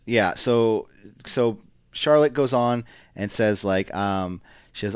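A man's voice: on the low side, slow pace, smooth, dry recording, clean studio sound. Chatty young man recapping wrestling. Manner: chatty, rambling, mimics wrestlers in quotes. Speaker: podcast co-host. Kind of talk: casual wrestling recap chat.

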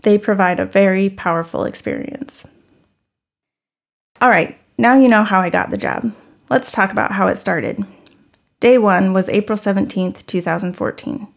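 A woman's voice: mid-range voice, normal speed, gravelly. A woman in her thirties telling a personal story in a candid, conversational, self-deprecating way.

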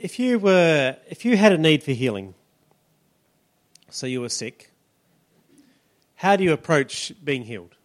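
Guy pastor preaching, fairly high voice, keeps asking the church questions. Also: sing-song, measured pace, pauses often. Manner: teaching, asks the congregation questions. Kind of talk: sermon.

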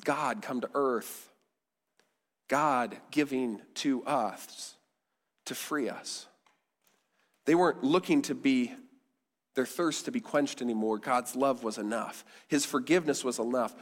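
A male pastor preaching a sermon in a conversational style, dropping softly on key words. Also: mid-range voice, takes it slowly, pauses often. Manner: conversational preaching, with quiet emphatic endings. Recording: long hall reverb.

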